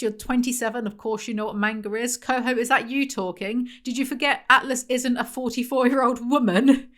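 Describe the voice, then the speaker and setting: A woman's voice: a little high, a bit bright. A woman giving a sarcastic book review, reading passages aloud and mocking them in a dry tone. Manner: dry, mocking, frequent laughs.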